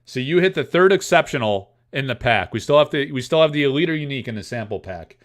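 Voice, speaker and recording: A man hosting a live card-opening stream, chatting casually to his viewers, excitable and self-mocking. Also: mid-range voice, quick pace. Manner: excitable, self-mocking, talks straight to chat.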